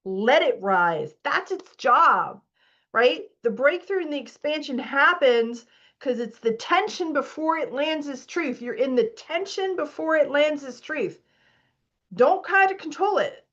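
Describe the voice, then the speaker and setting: A woman's voice: sits high, expressive, slow, a bit bright, lo-fi sound. A woman as a spiritual coach leading a live online masterclass, reading out participants' comments and urging them on emphatically.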